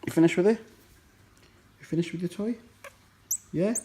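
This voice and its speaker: A man's voice: sits high, moderate pace. A man filming his pet monkey at home, coaxing it in a sing-song voice between casual asides to viewers. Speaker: pet vlogger. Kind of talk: casual pet video narration. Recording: echoey room with noticeable noise.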